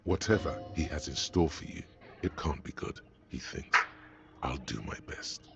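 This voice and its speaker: A man narrating a video game as a grave, measured inner voice. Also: a bass voice, creaky, soft background music, exaggerated voice. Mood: ominous. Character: ominous inner-voice male narrator, older and gravelly. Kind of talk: scripted narration.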